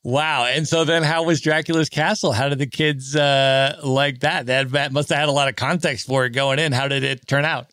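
A man's voice: mid-range voice, steady tone, normal speed, few pauses, a bit bright, no room sound. A man hosting a podcast, asking long, enthusiastic questions in casual chat. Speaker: podcast host. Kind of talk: casual interview.

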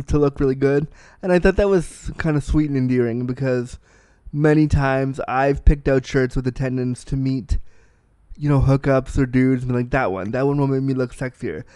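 A man's voice: medium pitch, dark tone, clean tone, dry recording. A man in his thirties giving a candid, casual film review, blunt and profane, with self-deprecating asides.

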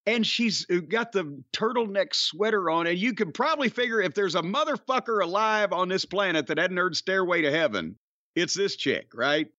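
A high, bright, forceful man co-hosting a podcast, talking in a gruff, sarcastic, profane way. His pitch swings widely as he rants. The recording is dry and a bit dull. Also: expressive, moderate pace, dry recording. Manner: gruff, sarcastic, bursts into mock singing. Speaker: podcast co-host. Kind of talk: profane casual chat.

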